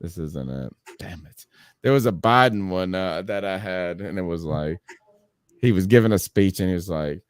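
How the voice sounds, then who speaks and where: A man hosting a sports podcast in casual chat, telling stories with lively acted-out quotes and frequent laughs. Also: low-pitched, normal speed, clean tone, dry recording, clean studio sound. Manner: animated storyteller, acts out quotes, laughs often. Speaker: podcast host.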